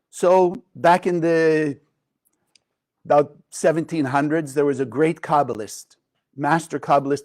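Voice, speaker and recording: A man's voice: fairly high pitch, a little mellow. Conversational man teaching a spiritual lesson. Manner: conversational, engaging, asks the audience questions. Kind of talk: spoken lesson with storytelling.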